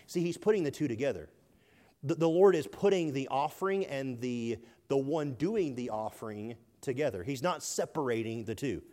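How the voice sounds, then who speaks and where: A man delivers an expository sermon in an earnest, plain manner. He asks his listeners questions and answers them himself, often stumbling and repeating words as he explains. His voice sits at an ordinary middle pitch. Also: lively intonation, normal speed, mellow. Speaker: preacher.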